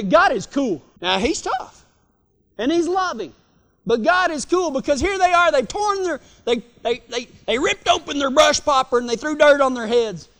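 A man's voice: very high voice, a bit bright. A man preaching a folksy sermon, telling stories with frequent restarts. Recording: long reverb of a hall.

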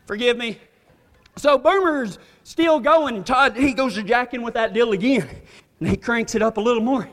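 Extremely high and rather bright, the man's voice carries a humorous, folksy sermon through a church hall with long reverb. Drawling asides pepper his story, and he laughs along as he tells it.

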